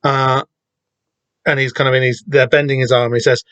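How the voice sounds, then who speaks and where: A man's voice: medium pitch, fairly even intonation, fast, fairly bright tone, no room sound. A man hosting a podcast, talking casually and rambling with many restarts and the odd swear word. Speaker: podcast host discussing a comic.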